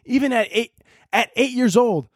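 A man's voice: very high-pitched, normal speed, husky, no echo, clean studio sound. A young man from Chicago with a Chicago accent, hosting a podcast in a rambling, profane comedic monologue and laughing often. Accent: American, Chicago. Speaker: podcast host.

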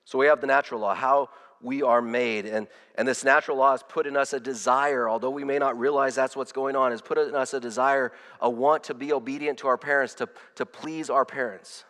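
A man's voice: medium pitch, fairly even intonation, brisk, few pauses, a bit bright, long reverb tail. A man preaching a sermon as pastor, earnest, often repeating words and restarting his phrases.

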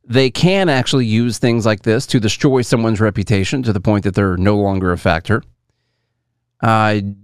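A man's voice: mid-range voice, clean tone, no echo. Dry-sounding man musing on the news. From United States. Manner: musing, hedging, talks to viewers and chat. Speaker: commentary show host. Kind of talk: casual news commentary.

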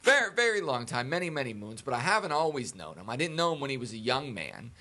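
A man's voice: mid-range voice, very animated, fast, sharp tone. A man in playful comic banter who asks goofy questions. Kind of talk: casual comedic banter.

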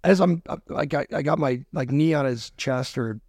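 A man with a slightly high, gravelly voice tells a long story in a podcast studio. He laughs as he goes and keeps restarting his sentences. The sound is close and dry. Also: normal speed, darkish tone, no echo. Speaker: podcast guest, restaurant owner. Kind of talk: casual storytelling.

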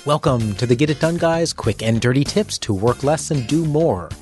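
A man's voice: medium pitch, animated, normal speed, music in the background. A man hosting a tips podcast, reading a script with playful, dramatic asides. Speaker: podcast host.

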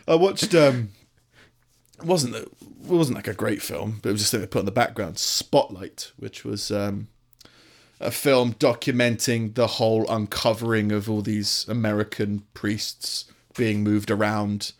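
A man's voice: on the low side, fairly even intonation, measured pace. A British man co-hosting a podcast in casual chat, rambling, searching for words and laughing often. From Britain. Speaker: podcast co-host.

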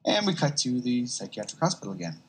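A man's voice: mid-range voice, very animated, fast talker, slight background noise, low-quality recording. A man hosting a podcast who recaps a comic casually and animatedly, acting out quotes. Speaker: podcast host.

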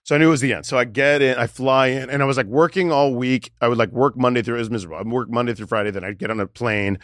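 A man in his forties, a comedian guest, telling a personal story in candid conversation, emotional and halting with many restarts. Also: medium pitch, fairly even intonation, a bit bright, no room sound, clean studio sound.

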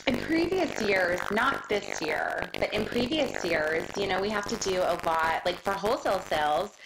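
A woman's voice: mid-range voice, huge pitch swings, moderate pace, creaky, roomy sound, noisy background. A middle-aged woman talking as an interview guest, chatty and emotional, with many restarts. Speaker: guest, business owner. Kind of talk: casual interview chat.

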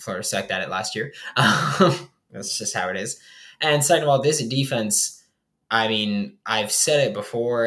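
Low-leaning with a sharp tone, this young sports podcast host rambles loosely through his team's roster. It's casual football analysis, heavy on fillers.

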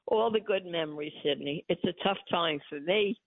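A woman's voice: lowish voice, moderate pace, gravelly, dry recording. An older woman, calling into a radio show, talking in an effusive, emphatic and doting way. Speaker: guest, host's mother. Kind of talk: casual phone-in chat. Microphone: phone. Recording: tinny phone line.

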